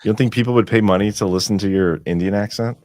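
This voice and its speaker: A man's voice: lowish voice, fast, darkish tone, dry recording. A man co-hosting a podcast in casual, rambling, profane chat. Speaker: podcast co-host.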